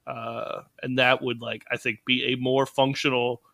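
Bright-voiced man, dry close mic. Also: mid-range voice, little pitch movement, measured pace, vocal fry, no room sound. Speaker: podcast guest. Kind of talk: casual podcast chat.

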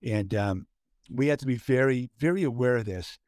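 Man co-hosting a podcast, halting delivery. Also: mid-range voice, a little mellow, no echo, studio quality. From Southern California. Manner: halting, many fillers and restarts. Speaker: podcast co-host. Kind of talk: casual chat.

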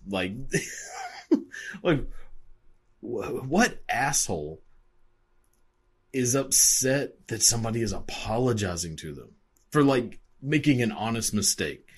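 A man's voice: lowish voice, slightly rough. A man reacting to videos with an angry, sarcastic, profane rant full of "like" fillers. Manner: angry, sarcastic, swears constantly, many "like" fillers.

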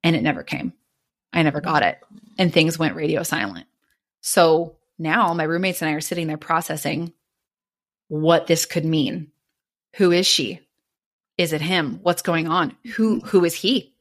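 A young adult woman, a podcast guest, retelling a personal story in an animated way and acting out the dialogue. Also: low-pitched, unhurried, pauses often.

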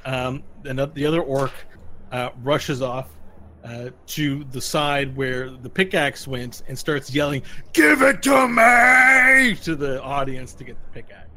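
A man with a bright, ringing voice runs a tabletop game for his players. He narrates loosely, stopping to correct himself and breaking into laughter. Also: mid-range voice, level tone, measured pace. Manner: laughs often while narrating; loose, rambling and self-correcting. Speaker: game master.

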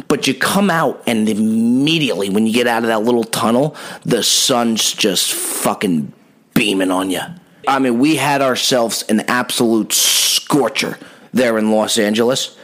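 A man hosting a podcast, telling a comic story with lots of energy and plenty of swearing. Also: fairly high pitch. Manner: animated, profane storytelling. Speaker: podcast host. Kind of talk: comedic storytelling.

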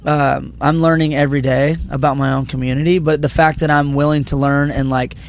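Young male musician guest, hushed and a bit raspy after a show, casual and rambling. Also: a little high, little pitch movement, fairly quick. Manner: speaking quietly, filler-heavy. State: slightly raspy from performing. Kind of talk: casual interview chat. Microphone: handheld mic held close.

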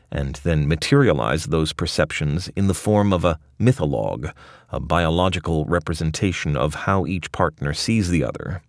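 A man's voice: sits low, no echo, studio quality. A man narrating a scripted audio essay with a wry, ornate delivery.

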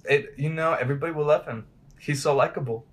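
A man's voice: on the high side, quick pace. A man guesting on a podcast, chatting casually and joking along. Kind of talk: casual chat.

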